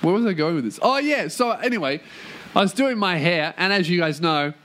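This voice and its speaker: A young man rants through a casual podcast monologue, swearing freely and jumping into exaggerated voices to act out what others said. His speaking voice sits a little higher than most men's. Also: brisk, a little hiss or hum. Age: young adult. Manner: sweary, animated, acts out quotes in loud put-on voices. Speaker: podcast host.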